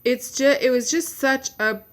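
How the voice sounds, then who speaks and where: A woman's voice: sits high, measured pace, fairly bright tone. A woman giving a personal video update, venting in a frustrated, blunt rant with some swearing. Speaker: vlogger.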